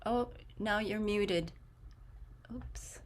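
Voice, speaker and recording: A woman hosting an online prayer gathering over a video call, speaking in a gentle, soft-spoken, affectionate way. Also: medium pitch, fairly even intonation, takes it slowly. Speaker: host.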